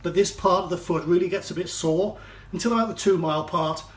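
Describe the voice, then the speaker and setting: A man's voice: high voice, fairly quick, a little hiss or hum. A man with a slight Geordie accent giving a casual, chatty review of a running shoe, full of fillers and restarts. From North East England. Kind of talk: casual spoken product review. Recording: roomy echo.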